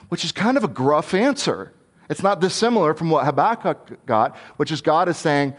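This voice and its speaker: Earnest man preaching, fairly high voice. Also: lively intonation, moderate pace. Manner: earnest, thinks aloud, candid. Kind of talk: conversational sermon.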